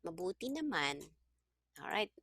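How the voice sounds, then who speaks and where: Bright-voiced woman tutoring. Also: lowish voice, sing-song, moderate pace, no echo, clean studio sound. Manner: patient, checks understanding with frequent "okay?". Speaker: Tagalog tutor. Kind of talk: one-on-one online language lesson.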